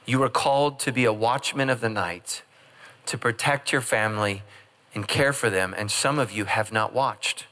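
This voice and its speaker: A man's voice: lowish voice, normal speed, pushed and bright. A middle-aged man preaching a humorous sermon as pastor, joking and acting out quoted voices. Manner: jokey, acts out quoted voices.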